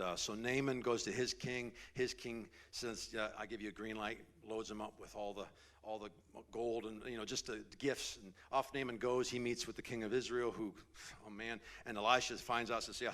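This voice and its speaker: Guy preaching a bible story, mid pitch, loose and animated, goes whispery for the dramatic bits. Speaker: pastor. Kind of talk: sermon storytelling.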